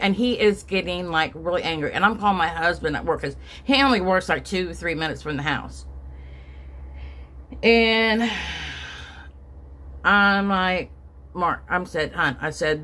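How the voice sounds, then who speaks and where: A woman's voice: fairly low pitch, expressive, measured pace, long pauses, fairly bright tone. A middle-aged woman telling a rambling story at home while doing her makeup, acting out the quotes in a raised voice. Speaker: vlogger.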